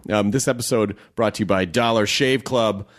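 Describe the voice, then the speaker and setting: A man's voice: lowish voice, normal speed. A man hosting a podcast, chatting casually and joking his way through ad reads. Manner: playful, jokey, rambling. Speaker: podcast host.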